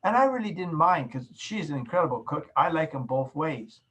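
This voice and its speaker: A man teaching a course over a video call, explaining slowly and illustrating points with everyday examples. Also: on the high side, lively intonation, fairly bright tone, husky, low-quality recording. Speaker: course instructor. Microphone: video call microphone.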